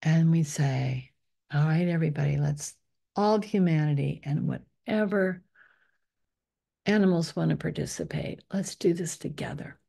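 A woman, a spiritual teacher, leading a guided meditation in a soft, unhurried voice that often drops to a whisper on affirmations. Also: deep voice, vocal fry.

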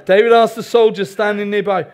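High-voiced man preaching. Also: brisk. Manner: animated preaching with asides to the congregation. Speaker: pastor. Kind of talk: sermon.

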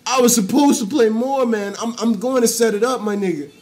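High-voiced, excitable male streamer. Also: brisk. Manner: excitable, profane, bursts into shouting. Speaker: live streamer. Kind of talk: casual live-stream chat reading donations. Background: faint music.

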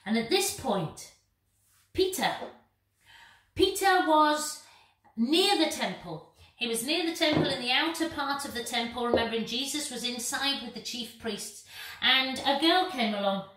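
A woman from England telling a Bible story simply for a church video, with slow, dramatic pauses. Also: high-pitched, expressive, fairly bright tone. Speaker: church minister. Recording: roomy, distant mic.

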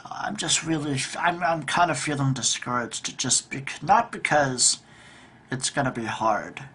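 A man in his thirties vlogs from home beside a table, delivering a frustrated, profane rant that rambles and keeps restarting. His voice is medium in pitch, a bit bright, and measured in pace, with a slight hiss or hum in the audio.

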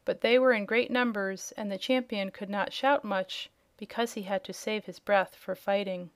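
A woman narrating a children's storybook with steady, measured reading. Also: medium pitch, no room sound. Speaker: audiobook narrator.

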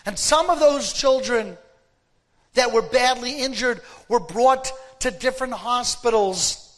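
A rabbi gives a sermon, telling a story in a dramatic and emphatic way. His voice sits quite high for a man. He moves slowly, letting each phrase land. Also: a bit bright.

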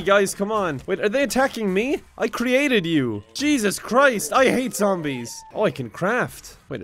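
A man giving comedic gameplay commentary with sarcastic jokes and frequent laughs. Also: a little high. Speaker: gaming YouTuber.

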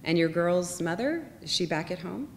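A woman's voice: expressive, normal speed. A woman reading as a gushing young mother. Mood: curious. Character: friendly chatty young mother by a lake. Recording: long reverb, faint rumble.

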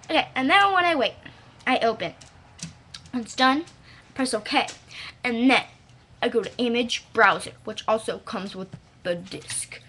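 A woman's voice: on the high side, lively intonation, a little slow, bright, forceful tone. A woman casually walking through a computer how-to at home, scattered and silly, drifting off-topic. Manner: scattered and silly, trails off into playful sounds. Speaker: vlogger showing a how-to. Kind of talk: rambling home tutorial. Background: dogs nearby.

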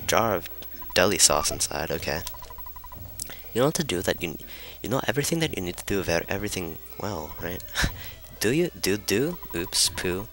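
Low-voiced, bright-toned man playing through a game. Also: big pitch swings, normal speed, faint music behind. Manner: irreverent, joking, swears freely; talks somewhat hushed. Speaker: gamer. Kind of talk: casual let's play commentary. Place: room at home.

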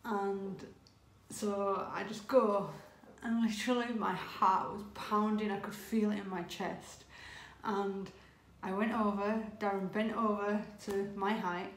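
A woman telling a story excitedly in a casual vlog, with lots of "oh my God" and laughter. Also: medium pitch, slow, roomy sound. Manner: excitable, breathless retelling with frequent "oh my God" and laughs. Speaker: vlogger.

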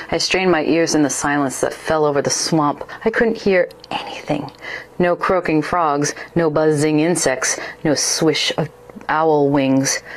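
A woman narrating a ghost story in the first person with a steady storytelling delivery. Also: low voice.

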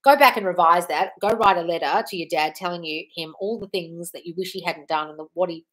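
A woman's voice: lowish voice, fairly quick, a bit bright. A woman in her forties, a manifestation coach answering viewer comments on a live stream, blunt and profane, calling everyone darling. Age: 40s. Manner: blunt, swears freely, calls listeners darling.

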